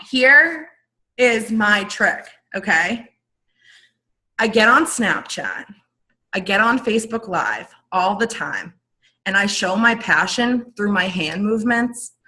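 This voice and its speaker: A young woman giving an energetic, rambling coaching talk to her team on a video call. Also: medium pitch, low-quality recording. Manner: energetic, animated, rambling with restarts. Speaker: network marketing team leader.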